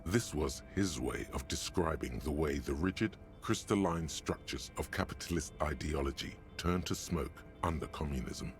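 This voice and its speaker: A deep-voiced game narrator. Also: male voice, moderate pace, few pauses, soft background music. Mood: dry. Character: solemn omniscient male game narrator.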